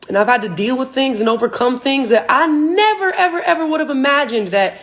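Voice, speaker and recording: A woman's voice: high-pitched, animated, a little fast. A woman in her twenties, a professional athlete, ranting emphatically and profanely on a phone livestream. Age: 20s. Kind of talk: livestream rant.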